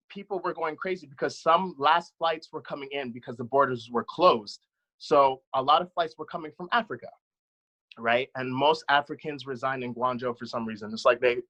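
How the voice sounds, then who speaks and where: A man's voice: medium pitch, pushed and bright, highs cut off. A man on a discussion panel telling a personal account in an impassioned, blunt way, swearing freely.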